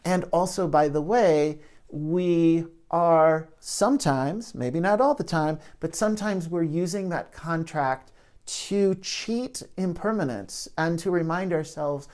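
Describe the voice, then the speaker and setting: A man's voice: on the high side, slow, darkish tone. A man speaking as a therapist in an educational talk to camera, reflective and searching for his words as he goes.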